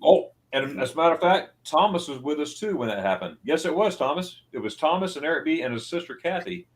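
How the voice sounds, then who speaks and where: A man in casual livestream chat who rambles through his anecdotes and slips into acting out the people he quotes. His pitch rises and falls a lot, so his voice sounds lively. The sound comes over a video call. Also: fast talker. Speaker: host of a travel livestream.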